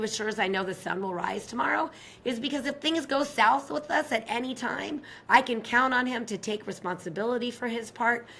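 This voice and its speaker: A woman's voice: fairly high pitch, bright, forceful tone, a little hiss or hum. A woman, a relationship expert guest, talking expressively in an interview and acting out quoted lines. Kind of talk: animated interview talk.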